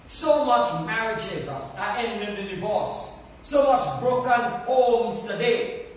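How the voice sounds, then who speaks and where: A man preaching a sermon, telling little stories and dropping in praises to God in a sing-song way. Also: high voice. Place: church service hall. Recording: echoey hall from far off, faint noise.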